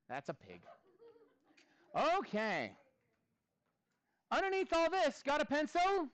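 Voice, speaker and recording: A man in his thirties teaching a math class, chatting with students in a playful, animated way. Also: very high-pitched, a little slow, long pauses, no room sound. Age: 30s. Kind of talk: classroom lesson.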